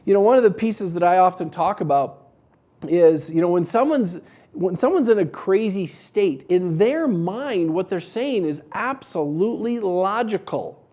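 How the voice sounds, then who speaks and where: A man with a mellow, warm voice talks casually to camera, giving business advice with a wry, joking edge. He tells animated little stories to make his point. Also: sits high, unhurried. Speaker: business coach for dental practices.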